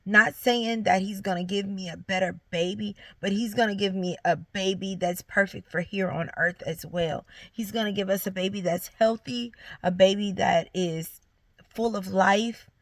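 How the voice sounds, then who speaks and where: Speaking to camera at a moderate pace, a young woman shares her heartfelt faith story with her viewers in an earnest, encouraging way. Her voice is mid-range with fairly even intonation, and there's no room sound.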